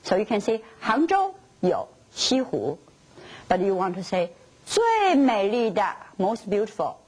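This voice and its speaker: Female Chinese teacher, native Mandarin speaker, lively pitch, unhurried lesson delivery. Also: slightly rough, rough recording. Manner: explains Chinese words slowly in careful non-native English. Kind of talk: bilingual language lesson.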